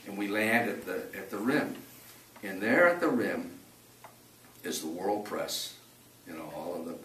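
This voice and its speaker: An older man telling a personal survival story in a rambling, halting way, often repeating words and restarting. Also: deep voice, fairly bright tone. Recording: echoey room, distant mic, faint noise.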